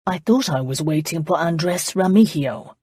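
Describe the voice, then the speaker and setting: A woman's voice: deep voice, expressive, unhurried, a little mellow, slightly rough, dry recording, heavily acted. A woman narrator voicing an arrogant, impatient young duke who speaks in a commanding, sardonic way. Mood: imperious.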